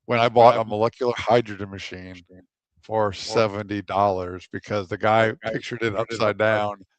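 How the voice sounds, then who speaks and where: A man co-hosting a talk radio show in casual chat, halting with fillers and laughing often. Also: on the low side, fairly even intonation, no echo.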